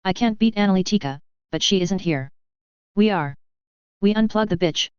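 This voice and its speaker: A woman's voice: medium pitch, moderate pace, smooth, dry recording, close to an everyday voice. A woman voicing a weary female ship hacker with a dry, grim humor. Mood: wry. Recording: dry, slightly dull lo-fi recording.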